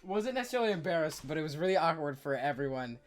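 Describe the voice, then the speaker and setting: A young man, a streamer, telling stories in casual chat, excitable and stammering, loudly acting out what people said. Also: on the high side, fast talker.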